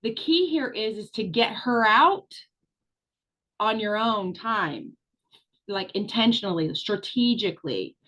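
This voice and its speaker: A woman's voice: medium pitch, animated, takes it slowly, fairly bright tone, rough recording. A middle-aged woman coaching a group on a video call, chatty, encouraging and frank, with the odd swear word. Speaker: business coach. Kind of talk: live online training talk.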